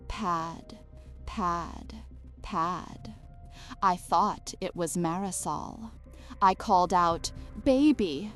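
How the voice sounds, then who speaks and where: A woman reads a horror story in a slow, hushed, deliberate way, drawing each phrase out. Her voice sits fairly low, and quiet music plays underneath. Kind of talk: scripted horror story narration. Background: faint music.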